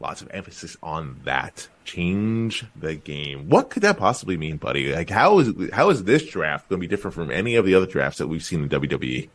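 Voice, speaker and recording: A man co-hosting a wrestling podcast, talking in a loose, animated way with lots of fillers and restarts. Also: low-pitched, fast, hardly any pauses. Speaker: podcast co-host. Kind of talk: casual wrestling podcast chat.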